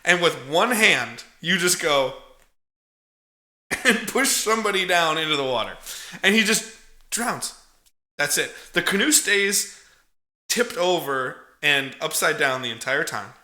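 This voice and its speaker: A man's voice: fairly high pitch, animated, unhurried, long pauses, pushed and bright, echoey room. A man casually recapping a film as a podcast co-host, swearing freely and laughing as he tells it. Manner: profane, chuckling storyteller.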